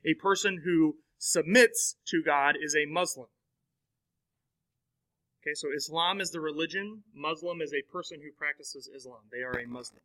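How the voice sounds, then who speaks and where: A male teacher lectures in a classroom, his voice very bright, forward, and pitched a little high. His delivery is loose and conversational, full of fillers and frequent check-ins with the students. The audio quality is poor.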